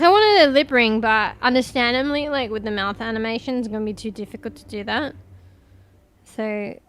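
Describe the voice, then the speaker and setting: A young Australian woman chats casually with her stream viewers, reading their messages aloud and swearing freely as she goes. Her voice is fairly high, pushed and bright.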